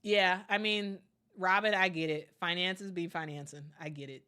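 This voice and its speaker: A woman's voice: fairly low pitch, steady tone, moderate pace, pushed and bright, clean tone. A young woman hosting a casual sports livestream, chatting with many fillers and repeats and reading viewer comments aloud. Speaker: sports channel host.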